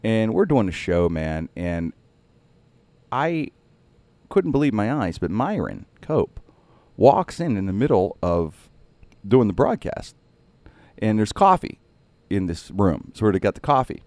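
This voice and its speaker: Low-voiced radio host and impressionist, casual storyteller, animated, dry close sound. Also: male voice, unhurried, no room sound. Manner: animated, jumping up in pitch for punchlines.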